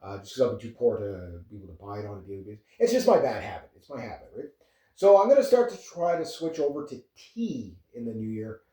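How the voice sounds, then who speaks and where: A Canadian vlogger in his fifties chats casually to camera in a laid-back, rambling way, chuckling often. His voice is fairly low with a dark tone, sing-song and quick, and he sounds far from the mic in an echoey room.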